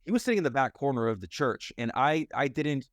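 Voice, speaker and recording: A man's voice: medium pitch, expressive, quick pace, dry recording, clean studio sound. Candid young man telling his story. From United States. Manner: candid, rambling, heavy on "like" and "you know". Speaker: guest, mindset and fitness coach. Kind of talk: personal storytelling in a podcast conversation.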